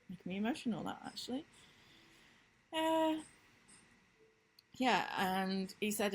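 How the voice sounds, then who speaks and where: A woman business coach in a casual talking-head vlog, recapping lessons with emphatic enthusiasm and sudden upward leaps in pitch. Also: lively intonation, a little slow, long pauses, poor audio. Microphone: computer screen-recording mic.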